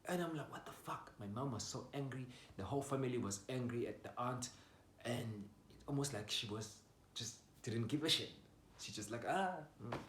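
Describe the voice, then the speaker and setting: A young man tells a personal story in a casual, animated way, jumping between loud bursts and quiet mutters. His voice sits in an ordinary middle pitch. The recording carries a roomy echo. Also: moderate pace, a little hiss or hum. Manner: animated, swings from loud outbursts to low mutters, swears freely.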